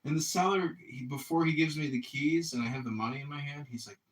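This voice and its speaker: A man's voice: on the high side, fast. A man hosting a casual chat, telling profane stories and acting out the voices of the people in them. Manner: profane storytelling, acts out voices. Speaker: host. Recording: roomy, distant from the mic.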